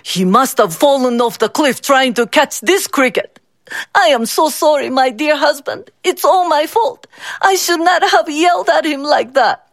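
A woman's voice: sits high, expressive, a little slow, no echo, studio quality, pitched above the performer's own voice. A woman voicing a pleading tearful village mother. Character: anxious, guilt-ridden village mother.

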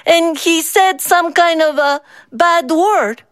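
A woman voicing a shy little girl with a soft, squeaky voice in a spoken story. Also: takes it slowly, no room sound, studio quality. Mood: tattling.

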